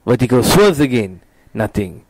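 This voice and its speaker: A man's voice: mid-range voice, big pitch swings, normal speed, a little mellow, no echo, low-quality recording. A man hosting a casual show, reading a screenplay's stage directions aloud. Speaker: host, script narrator.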